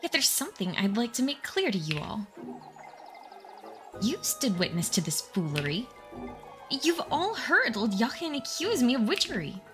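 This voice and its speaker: A hoarse woman voicing a defiant young village maid who speaks with indignant pride. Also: fairly high pitch, sing-song, normal speed, over music, voice pushed up. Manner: indignant and proud.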